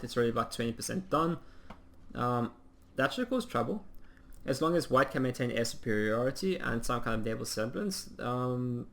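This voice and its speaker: A man giving casual play-by-play commentary on a strategy game, chatty and rambling with plenty of ums, and quick to poke fun at himself. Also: mid-range voice, vocal fry. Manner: self-mocking humor. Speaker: game caster.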